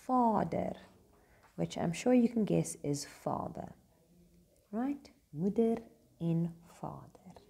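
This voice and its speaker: A woman teaches vocabulary in a relaxed, chatty way, recorded in a school. Her voice sits low with a mellow, gravelly edge. She repeats each new word slowly and cheers the listener on. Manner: chatty, encouraging, repeats words slowly to model pronunciation. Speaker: language teacher. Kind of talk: casual vocabulary lesson.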